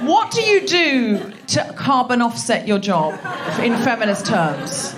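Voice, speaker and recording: A woman's voice: fairly high pitch, huge pitch swings, a little slow, crowd noise, background noise. A woman hosting a live comedy show, bantering with the audience and laughing as she teases them. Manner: teasing, laughing, playful banter. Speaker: host. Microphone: handheld mic.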